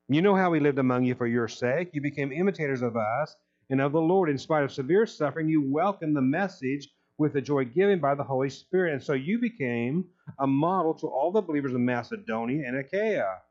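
A man's voice: on the high side, darkish tone. A man preaching a sermon, reading scripture aloud and explaining it with emphasis. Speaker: pastor. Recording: dull lo-fi recording.

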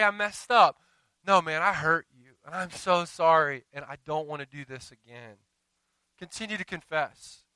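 Bright high-voiced man preaching a sermon. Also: clean tone, dry recording, poor audio. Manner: storytelling with asides to the congregation. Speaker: pastor.

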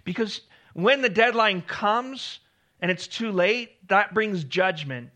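A man's voice: high-pitched, expressive, slow, pushed and bright. A man preaching a sermon, earnest and emphatic, repeating key phrases for weight. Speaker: pastor.

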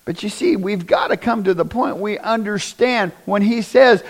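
A man preaching a conversational sermon, often asking the congregation questions and rising to loud, emphatic bursts. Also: sits high, moderate pace, hardly any pauses. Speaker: pastor.

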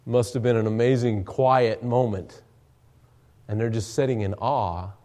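With a medium-pitched, darkish voice, a male preacher delivers an earnest evening sermon in church. He reads King James scripture aloud before explaining what it means.

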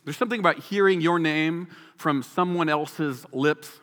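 A man preaching a sermon as pastor, animated, acting out the people in the story. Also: fairly high pitch. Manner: animated, acts out the people in the story in quick voices. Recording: long hall reverb.

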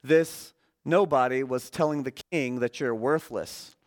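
A man preaching as a guest speaker in a relaxed, conversational sermon, joking with the congregation and using many fillers. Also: medium pitch, measured pace. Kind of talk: casual sermon.

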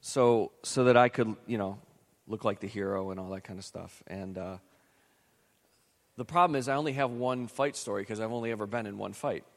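A man's voice: on the low side, moderate pace, vocal fry, in a large hall. A man from Western New York preaching a sermon, telling a story in a chatty, self-deprecating way with frequent restarts. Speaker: pastor.

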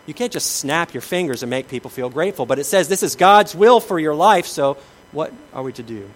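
A man preaching a sermon, shifting between lively emphasis, acted-out quotes and quiet asides. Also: fairly high pitch, fairly quick, slight background noise, rough recording. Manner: animated preaching, acts out quoted voices, drops to soft asides. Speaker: pastor.

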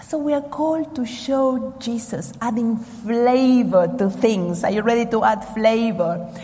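Woman preacher from Argentina, fairly high, mellow voice, deliberate and emphatic delivery, sermon in a reverberant hall. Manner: slow, emphatic preaching with dramatic pauses.

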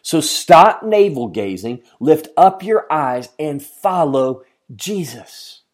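A man preaching a sermon as a pastor, earnest, often asking the listeners questions and moving from emphatic lines to hushed ones. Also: on the high side, sing-song, slow pace. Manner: addresses listeners directly with questions.

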